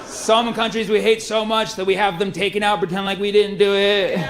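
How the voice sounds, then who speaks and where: Stand-up comic, male, high voice, loose sarcastic delivery. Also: flat delivery, normal speed, slight background noise. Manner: loose, conversational, sarcastic asides. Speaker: stand-up comedian. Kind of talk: stand-up routine.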